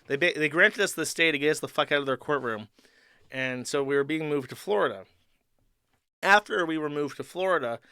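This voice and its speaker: A man's voice: medium pitch, sharp tone, smooth, no room sound, clean studio sound. A man streaming from his home desk, ranting and rambling in crude, profane casual talk. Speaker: streamer host. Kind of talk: livestream monologue. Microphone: desk mic at computer.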